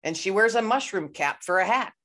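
A woman's voice: mid-range voice, lively intonation, brisk, sharp tone. A woman hosting a podcast interview, talking in a chatty, rambling way with many "you know"s. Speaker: podcast host. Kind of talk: casual conversational interview.

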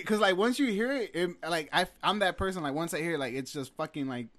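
A man's voice: sits high, normal speed, fairly bright tone. A young man chatting casually with friends, swearing often and acting out quotes with laughter. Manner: profane, laughing, acts out quotes. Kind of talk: casual group chat. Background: friends talking and laughing.

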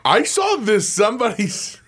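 A man co-hosting a sports talk show who talks in an excitable way. His pitch jumps around a lot as he tells the others what he saw. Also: unhurried, breathy edge. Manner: animated, excitable. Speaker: sports radio co-host. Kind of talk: casual sports radio chat.

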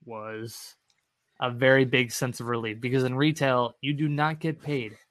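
He co-hosts a relaxed real estate podcast, speaking at normal speed in a mid-range voice with no echo. Animated and open, he dramatizes his past self and swears liberally.

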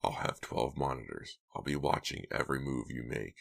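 A menacing young man voiced by a man in an audiobook, speaking quietly and low. His lines carry a threat. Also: expressive, moderate pace, gravelly, heavily acted.

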